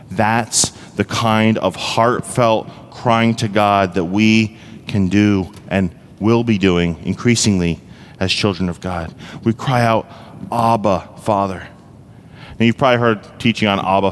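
Low-voiced pastor preaching in an echoing hall. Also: male voice, a little hiss or hum. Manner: earnest, heartfelt, shifts between brisk explaining and slow emphasis. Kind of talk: sermon with spoken prayer. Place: church sanctuary.

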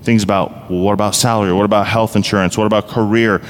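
Lower-voiced pastor preaching in an echoey hall. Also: male voice, steady tone, quick pace. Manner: earnest, growing emphatic and personal. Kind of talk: sermon. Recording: echoey hall, faint rumble.

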